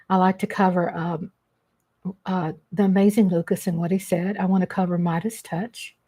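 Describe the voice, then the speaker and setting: A woman's voice: medium pitch, a little mellow. Chatty woman streaming live. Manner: chatty, greets viewers by name, affectionate. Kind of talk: casual live-stream chat.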